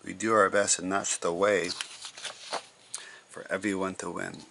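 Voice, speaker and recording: A man's voice: low-pitched, level tone, unhurried, creaky, bright, forceful tone, a little hiss or hum, exaggerated voice. A man voicing an anxious young rabbit girl. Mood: earnest. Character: worried young female rabbit, a fast runner.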